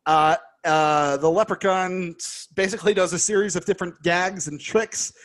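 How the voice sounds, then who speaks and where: A high-pitched man talks through a movie's plot in a casual podcast chat. His delivery is animated and wry, with laughs slipping in and sarcastic asides. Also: normal speed. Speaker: podcast co-host.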